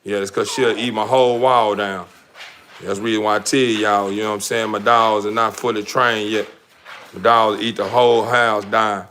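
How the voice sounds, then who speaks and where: A man's voice: lowish voice, little pitch movement, normal speed, sharp tone, a little hiss or hum. A man livestreaming casually about his dogs, with a rambling, laid-back manner. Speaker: dog breeder livestreaming. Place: home kennel with dogs.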